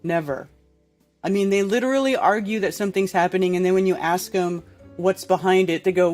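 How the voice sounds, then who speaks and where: A woman's voice: fairly low pitch, brisk, a little mellow, faint music behind. A woman hosting a casual live-stream talk show, speaking in a blunt, profane, exasperated manner. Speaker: podcast host.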